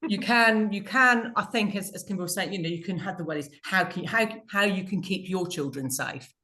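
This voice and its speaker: A woman's voice: mid-range voice, a little fast, pushed and bright. A woman from the UK in a casual online panel chat, chatty and jokey, with many restarts. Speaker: consumer rights campaigner and co-host.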